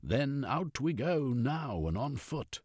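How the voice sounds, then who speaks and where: A man's voice: mid-range voice, big pitch swings, takes it slowly, slightly rough, no room sound, clean studio sound, voice pushed up, exaggerated voice. Man voicing an impatient male revolutionary. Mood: urgent. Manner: pressing, forceful.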